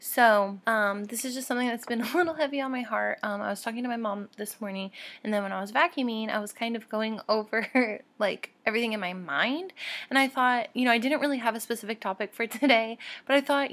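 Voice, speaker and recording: A young adult woman hosting her own podcast, talking candidly and warmly to listeners with soft laughs and fillers. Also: a little high, a little fast. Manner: heartfelt and encouraging toward listeners. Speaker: podcast host. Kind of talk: casual solo podcast talk.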